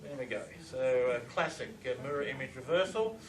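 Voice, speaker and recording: A man's voice: mid-range voice, expressive, brisk, echoey room, far from the mic, rough recording. An older man giving a live presentation to an audience, talking with conversational enthusiasm. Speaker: lecturer.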